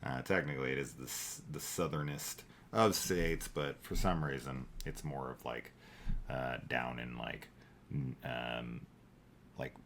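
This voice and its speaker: Deep-voiced man rambling through a movie chat. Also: steady tone, a little slow, a bit bright, slight background noise. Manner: rambling, filler-heavy, thinks aloud. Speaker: podcast co-host. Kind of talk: casual movie review chat.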